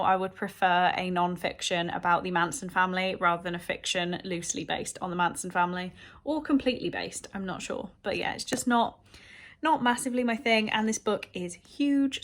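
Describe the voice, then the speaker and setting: A woman's voice: medium pitch, a little fast, fairly bright tone. Chatty woman vlogging about books. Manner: chatty, rambling, with fillers. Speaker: book vlogger. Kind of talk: casual chat. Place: at home.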